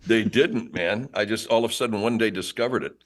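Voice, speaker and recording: A man guesting on a radio show, telling stories in an animated way and acting out the people he quotes. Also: fairly quick. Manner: animated storyteller, swings pitch, acts out quotes. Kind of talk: casual radio interview storytelling.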